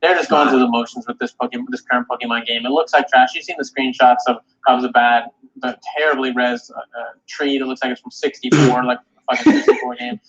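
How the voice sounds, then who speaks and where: A man ranting about video games in a heated, cursing, animated way, often stumbling over and repeating his words. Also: medium pitch, quick pace, a little hiss or hum. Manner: animated, cursing, repeats himself and mimics others. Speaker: video game commentator. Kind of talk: profane rant. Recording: dull lo-fi audio.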